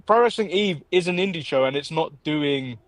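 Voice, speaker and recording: A man's voice: on the high side, animated, normal speed, no echo. A man with an English accent co-hosting a casual wrestling chat show, laughing often and rambling. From England. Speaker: podcast co-host.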